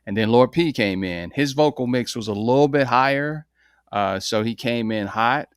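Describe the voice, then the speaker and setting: A man's voice: medium pitch, normal speed, smooth, dry recording, studio quality. A man co-hosting a show who chats easily about a song and often repeats words while he searches for them. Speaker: co-host reviewing songs. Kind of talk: casual review chat.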